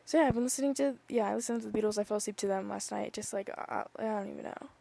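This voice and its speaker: Young woman, solo podcast host, rambling casual talk, gravelly fry in her voice, mid-pitched. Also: rapid-fire. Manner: rambling, full of "like" and "literally", drifting soft. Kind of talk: casual chat.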